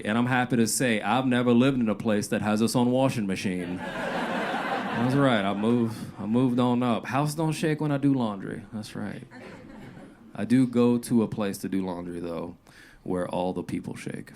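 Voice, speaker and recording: A man doing a rambling, deadpan stand-up set. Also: medium pitch, moderate pace. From Louisiana. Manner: deadpan, loose and rambling, with filler "uh"s and "like"s. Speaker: stand-up comedian. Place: comedy club stage. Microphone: handheld stage mic. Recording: noisy live club recording.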